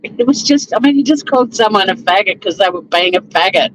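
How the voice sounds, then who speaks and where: Casual Australian woman, middle-aged, loose rambling chat from inside a car, with loud road noise behind her. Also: medium pitch, lively intonation, a little fast, rough recording. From Tasmania, Australia. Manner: chatty, rambling, laughs often. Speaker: vlogger. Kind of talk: casual chat while driving.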